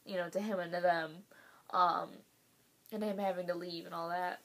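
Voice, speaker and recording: A woman's voice: on the low side, level tone, normal speed, fairly bright tone. A young woman, hosting a casual reaction video, emotional and swearing, laughing through tears.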